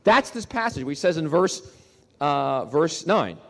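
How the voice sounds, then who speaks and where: A male pastor delivers a sermon with a somewhat high voice that rises and falls dramatically. He is emphatic and often doubles back on his words. His voice rings with the long reverb of a big hall. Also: measured pace. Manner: animated, emphatic preaching with repeated words.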